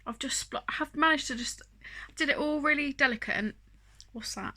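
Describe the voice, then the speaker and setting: A woman's voice: sits high, a little fast, pushed and bright. A woman chatting casually through a makeup tutorial, rambling and self-deprecating, with plenty of fillers. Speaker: beauty vlogger.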